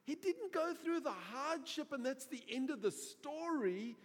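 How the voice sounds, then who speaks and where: A man preaching a sermon, telling stories in an animated, humorous way. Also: extremely high pitch, measured pace. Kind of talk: sermon storytelling. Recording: reverberant hall.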